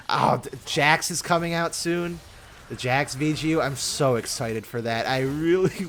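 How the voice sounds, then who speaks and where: A young man rambling through casual game commentary with lots of halting restarts. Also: mid-range voice, fairly bright tone, slight background noise. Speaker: gaming video host.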